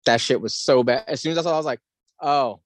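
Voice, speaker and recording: A man co-hosting a podcast in casual chat, animated, sarcastic and profane. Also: mid-range voice, racing, no echo. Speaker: podcast co-host.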